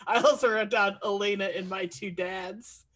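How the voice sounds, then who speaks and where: A man's voice: high voice, steady tone, moderate pace, fairly bright tone. A man in casual conversation about a film, laid-back, chuckling often as he shares trivia notes. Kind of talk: casual movie chat.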